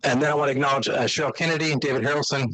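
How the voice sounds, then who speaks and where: A man's voice: medium pitch, steady tone, fairly bright tone, no room sound, poor audio. Fumbling, enthusiastic man lecturing. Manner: loose and halting, many restarts; enthusiastic, conversational with the audience. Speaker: guest lecturer and university teacher. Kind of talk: public lecture with slides.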